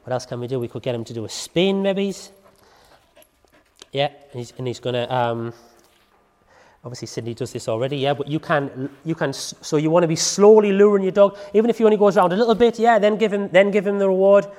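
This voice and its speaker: A man's voice: high-pitched, brisk, darkish tone, big-room sound. A man teaching dog training in a casual, chatty way, often checking in with the listener.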